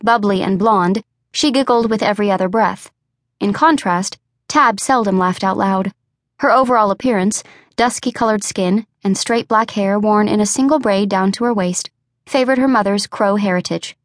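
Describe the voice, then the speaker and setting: A woman narrating an unabridged audiobook in a measured, even storytelling voice. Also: mid-range voice, no room sound, studio quality.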